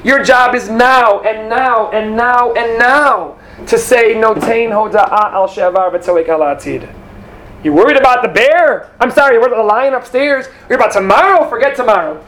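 A man giving an animated Torah class, asking rhetorical questions and using Hebrew terms. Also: extremely high pitch, normal speed, a little hiss or hum. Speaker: Torah teacher.

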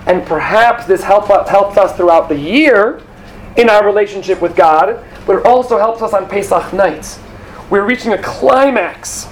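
A man with a high voice delivers an animated Torah lesson. He fires off rhetorical questions and drops Hebrew terms into his talk. Faint room noise sits behind him. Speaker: Torah teacher. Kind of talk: Torah class.

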